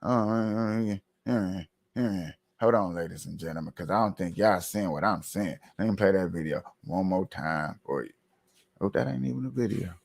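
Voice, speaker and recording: A man giving casual commentary to viewers as he plays a clip, animated and ranting, repeating himself often. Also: deep voice, normal speed, gravelly. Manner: animated, repetitive, rambling rants; talks to viewers while playing a clip.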